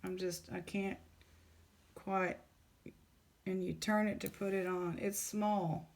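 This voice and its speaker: A woman, casually chatting in a jewelry vlog, excited and exclaiming in shock. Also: medium pitch, slow. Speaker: jewelry unboxing vlogger.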